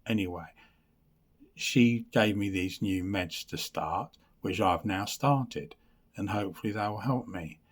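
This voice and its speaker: A man's voice: lowish voice, measured pace. An English man giving a rambling health update on his vlog, reading from notes and often losing his place, with blunt, dry humour. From England. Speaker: vlogger.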